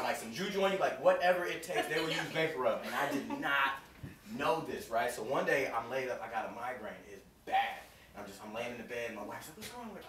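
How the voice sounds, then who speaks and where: A man in his thirties doing an animated stand-up comedy set, telling a story and acting out the other people's voices. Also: a little high. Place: comedy club stage. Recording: roomy club sound from far off with crowd laughter. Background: audience laughing.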